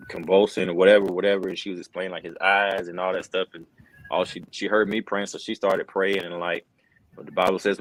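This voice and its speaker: A man's voice: sits low, a bit bright, low-quality recording. A middle-aged wrestling commentator, telling an earnest personal story in a casual interview, full of fillers like "bro" and "man.".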